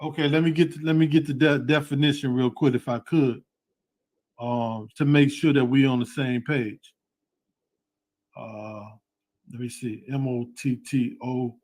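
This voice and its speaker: A man's voice: mid-range voice, steady tone, unhurried, a little mellow. A man with a mid-range voice joins an online scripture class over a video call. He backs the teacher with repeated affirmations and reads verses aloud. He talks loosely, with plenty of fillers. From United States.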